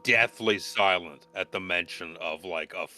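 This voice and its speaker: A man narrating as game master of a tabletop game, telling the story in an animated, expressive way. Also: low voice, a little slow.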